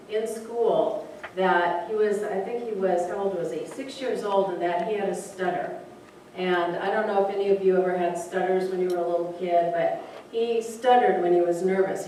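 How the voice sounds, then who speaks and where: A woman's voice: mid-range voice, mellow. A woman reverend giving a spiritual talk to a group, telling a story in a conversational way and speaking directly to her listeners. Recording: very echoey room, voice from a distance, faint noise.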